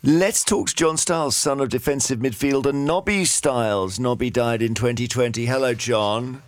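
A man hosting a radio show, briskly steering the interview. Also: medium pitch, no room sound, studio quality. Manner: brisk, leading questions. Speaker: radio host.

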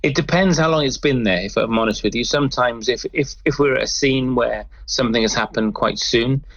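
A man's voice: medium pitch, a little fast, fairly bright tone, no echo, dull audio. A man working as a crime scene cleaner, explaining his work in an interview, often stumbling and repeating words. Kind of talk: interview guest answering.

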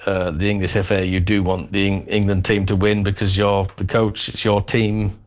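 A man speaking firmly and deliberately as a sports radio pundit, pausing on fillers. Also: lowish voice, little pitch movement. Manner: firm, deliberate, hesitant fillers. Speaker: studio pundit. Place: radio studio.

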